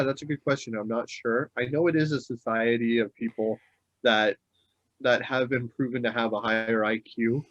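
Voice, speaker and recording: A relaxed man co-hosting a podcast, rambling a little as he works his thoughts out aloud. His voice sits at an ordinary middle pitch. The recording is dull and lo-fi, with a dry, close sound. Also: dry recording. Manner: easygoing, thinks aloud with many hesitations. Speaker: podcast co-host. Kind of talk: casual podcast chat.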